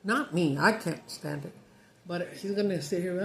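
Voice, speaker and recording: A Mexican-American mukbang vlogger from the United States chats casually to camera, telling stories and switching between English and Spanish. Her gravelly voice sits lowish and moves at a moderate pace. The audio quality is poor.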